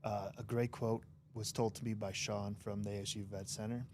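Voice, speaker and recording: Flat-voiced frank man. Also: fairly low pitch, moderate pace, noisy background. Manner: frank and direct, with some swearing. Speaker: podcast guest. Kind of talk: casual conversational interview.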